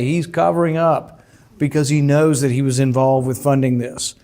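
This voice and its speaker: A man's voice: mid-range voice, flat delivery, warm tone. Emphatic man discussing his book. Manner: deliberate, emphatic, with frequent fillers. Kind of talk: speech about his book.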